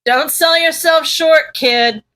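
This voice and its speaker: A woman's voice: high voice, slow pace, pushed and bright, voice pushed up, full character voice. A woman doing a laid-back male pro hero. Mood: casual.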